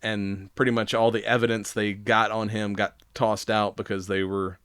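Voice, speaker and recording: A man's voice: lowish voice, level tone, moderate pace, a bit bright, clean tone, dry recording. Laughing man, dry close sound. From Southern United States. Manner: loose and rambling, swears a lot, laughs often. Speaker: podcast host. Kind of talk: casual chat.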